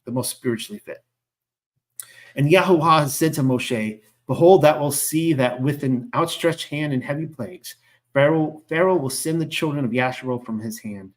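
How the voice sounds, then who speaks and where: A man's voice: fairly high pitch, moderate pace. Casual man reading scripture with asides. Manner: conversational, full of 'like' and 'you know' asides; reads archaic scripture aloud, then stops to reflect. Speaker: Bible study teacher.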